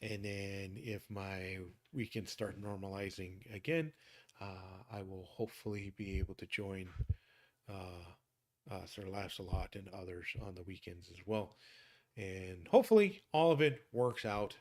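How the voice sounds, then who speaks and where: A man's voice: sits low, a little slow, a little mellow. A middle-aged man signing off his game stream in a casual, upbeat way, rambling with many fillers and restarts.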